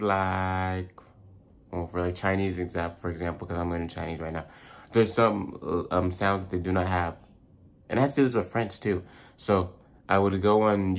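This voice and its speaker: Deep-voiced young American man vlogging. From United States. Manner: casual, rambling, many fillers and restarts. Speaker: language-learning YouTuber. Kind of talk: casual vlog tips.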